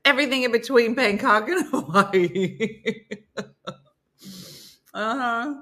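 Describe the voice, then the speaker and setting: Bright-voiced woman chatting live. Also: on the high side, slow. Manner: chatty, playful, teasing asides to viewers. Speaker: host of a live morning show. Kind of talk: casual live-stream chat.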